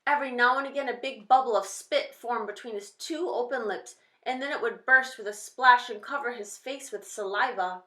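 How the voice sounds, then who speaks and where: A woman reading a children's novel aloud with steady, expressive storytelling. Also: on the high side, normal speed, few pauses. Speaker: reader. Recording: roomy echo.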